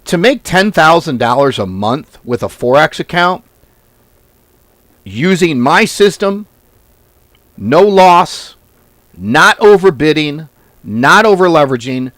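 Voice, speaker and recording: A fairly high-pitched man, recorded dry, hosts a forex trading video with a casual, ranting monologue to camera. Blunt and profane, he tells animated stories and keeps veering onto tangents.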